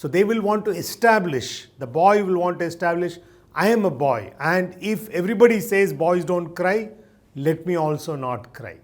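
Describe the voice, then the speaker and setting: A man, a doctor giving an explanatory talk in a measured way, telling stories about his patients. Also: high voice, lively intonation. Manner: measured, storytelling with acted quotes. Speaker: doctor speaking on emotions.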